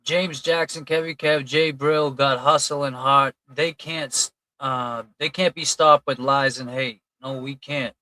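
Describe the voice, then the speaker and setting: A man's voice: medium pitch, steady tone, a little slow, hardly any pauses, sharp tone, no room sound, rough recording. A man hosting a casual livestream, reading out and thanking chat donors in a loose, chatty way. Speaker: livestream host.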